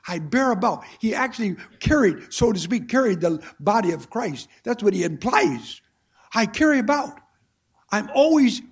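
A man with a high-pitched, husky voice leads a sermon-style Bible study. He reads the texts slowly and deliberately, then presses key phrases with emphasis.

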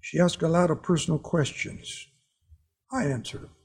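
Man, preacher, sermon, husky, raspy, fairly high pitch, earnest storytelling. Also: normal speed. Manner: earnest storytelling, chuckling at own anecdotes.

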